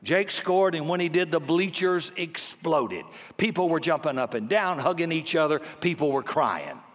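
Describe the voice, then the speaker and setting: Animated older preacher in a reverberant hall. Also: male voice, on the high side, normal speed. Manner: animated, swings from hushed to emphatic. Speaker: pastor. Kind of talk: storytelling sermon.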